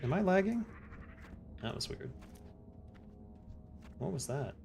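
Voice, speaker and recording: A man streaming a game live, chatting casually and answering his chat in a relaxed way. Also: a little high, takes it slowly, vocal fry, over music.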